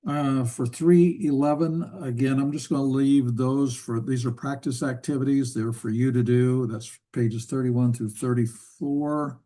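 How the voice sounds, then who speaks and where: A man teaching a church Bible Hebrew class in a relaxed lecture style, thinking aloud with fillers and asking himself rhetorical questions. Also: medium pitch, a little slow, few pauses.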